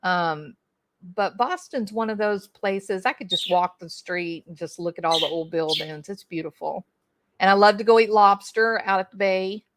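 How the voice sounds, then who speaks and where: A woman's voice: medium pitch, moderate pace, a little hiss or hum. A middle-aged woman hosting a casual livestream from home, chatting folksily and addressing viewers by name. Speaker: livestream host reading chat. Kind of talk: casual chat.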